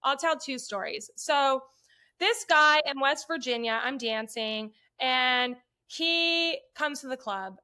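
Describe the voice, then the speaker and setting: A woman's voice: high voice, slow pace, smooth. A woman, a podcast guest, telling casual stories bluntly and with lots of swearing, acting out the voices of the people in them. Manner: blunt, profane, animated retelling with quoted voices. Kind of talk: casual storytelling chat.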